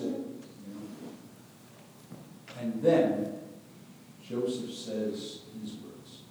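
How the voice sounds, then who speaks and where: A man's voice: extremely slow, pauses often. Man telling a scripture story, echoey hall. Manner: lively, animated retelling with frequent restarts. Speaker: religious teacher. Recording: distant mic in a reverberant hall, faint rumble.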